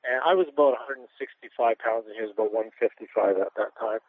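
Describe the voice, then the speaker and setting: A retired pro boxer with a medium-pitched, slightly rough voice talks fast, rambling through candid anecdotes in an interview with restarts and chuckles. The audio is tinny phone-line radio, with no room sound.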